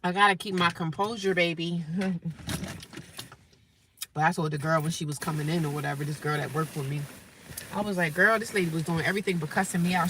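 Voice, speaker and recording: A woman's voice: lowish voice, a bit bright, a little hiss or hum. A woman from New Jersey telling a blunt, profane story about a rude customer, laughing often and mimicking callers in exaggerated voices. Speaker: vlogger. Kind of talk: casual storytelling rant.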